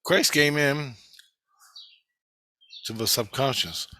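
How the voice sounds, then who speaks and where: Bright-voiced man, profane rambling monologue. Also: medium pitch, takes it slowly, no room sound. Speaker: vlogger.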